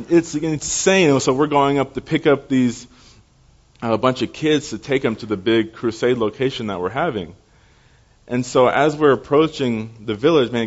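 A young man preaching as a pastor, telling personal stories in a lively way and acting out the people in them. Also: mid-range voice. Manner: animated storyteller, acting out voices. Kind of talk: storytelling sermon. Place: church service. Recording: dull lo-fi recording.

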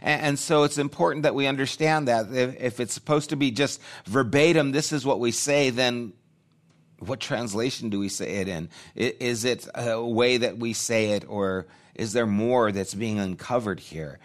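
A man's voice: medium pitch, moderate pace. A man preaching a sermon, talking in a conversational way and thinking aloud with restarts. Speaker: pastor.

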